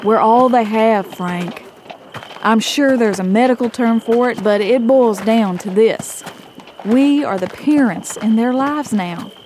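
A woman's voice: fairly high pitch, unhurried, a little hiss or hum, close to an everyday voice. An actress playing an earnest, caring frontier woman in an audio drama. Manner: gentle and earnest.

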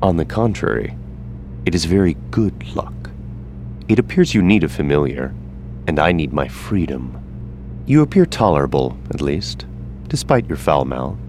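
Extremely deep male voice, lively pitch swings, a man playing a formal demon familiar, precise and measured, radio-play drama. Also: soft background music, heavily acted.

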